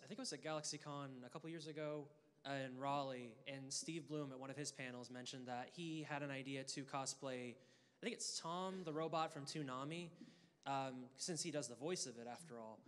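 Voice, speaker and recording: A male fan steps up to the audience mic and asks the panel a question. His voice sits a little high and he pauses with fillers. The big hall gives it a long reverb. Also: fairly bright tone. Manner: polite, slightly halting with fillers. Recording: echoey convention hall.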